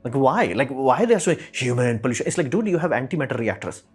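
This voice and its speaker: A man's voice: medium pitch, big pitch swings, fast talker, breathy edge. A man giving a casual opinion monologue as a commentator, rambling and repeating "it's like" with many fillers.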